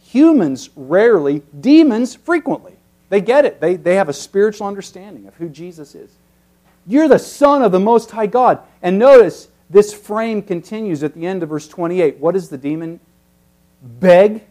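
A man with a fairly high voice delivering an expository sermon. He explains the text like a teacher. His volume swings from forceful, emphatic peaks down to hushed, almost whispered stretches. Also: animated, moderate pace. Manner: teacherly, rising to emphatic peaks then dropping very soft. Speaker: preacher.

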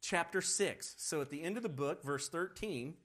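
A man teaching a Bible study lesson in a conversational, animated way, often correcting himself as he goes. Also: a little high, normal speed.

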